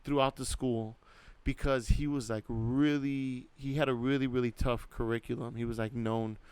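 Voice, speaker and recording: A man in his thirties with a smooth, clear voice, recorded dry and close with no room sound. He rambles through a story in loose podcast chat, leaning hard on "like" and swearing freely. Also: medium pitch, fairly even intonation, normal speed, a little mellow, no room sound. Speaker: podcast co-host.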